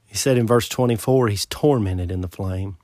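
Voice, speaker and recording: A man preaching a sermon in an earnest voice, asking rhetorical questions and swelling louder before dropping low. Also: normal speed, no room sound.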